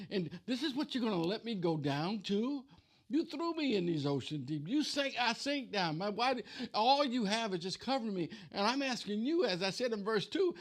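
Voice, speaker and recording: High-pitched guy preaching, chatty bible teaching, tells the story in everyday words. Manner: retells scripture in plain everyday speech.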